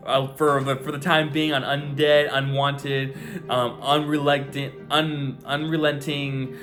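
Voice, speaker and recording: A man's voice: mid-range voice, little pitch movement, a little slow, over music. A young man reviewing and recapping an anime in a loose, chatty, profane style, full of fillers and asides.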